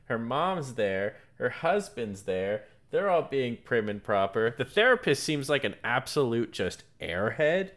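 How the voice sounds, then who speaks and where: A man's voice: medium pitch, sing-song, a little slow, few pauses, a bit bright. A man co-hosting a podcast, casually and enthusiastically retelling film scenes, swearing for emphasis. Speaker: podcast co-host. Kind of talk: casual movie review chat.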